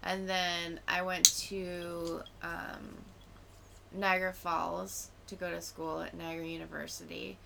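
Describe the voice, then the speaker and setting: Young woman podcast host, joking and animated, gravelly voice over noticeable background noise. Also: lowish voice, unhurried. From Middletown, New York. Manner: joking, animated, laughs often. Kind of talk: casual chat.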